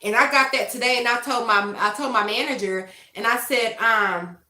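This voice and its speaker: A young adult woman hosting a casual tarot livestream, animated and laughing often as she talks straight to her chat. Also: fairly high pitch, moderate pace, reverberant. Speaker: tarot reader and livestream host.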